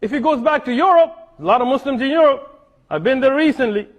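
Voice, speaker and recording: A man preaching a fiery lecture, emphatic and shouting at points. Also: extremely high pitch, expressive, quick pace. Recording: loud background noise.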